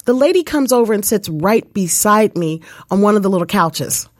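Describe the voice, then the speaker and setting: A woman's voice: medium pitch, animated, normal speed, no echo, studio quality. A woman hosting a live spiritual coaching show, telling a personal story in an earnest, casual way and often speaking to listeners directly. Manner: earnest, addresses listeners as "you guys".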